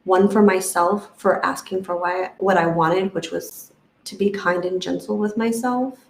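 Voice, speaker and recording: A woman's voice: on the low side, fairly even intonation, unhurried, vocal fry, reverberant, slight background noise, rough recording. A woman sharing a personal story in an emotional, rambling way, with many fillers. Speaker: retreat guest sharing her experience.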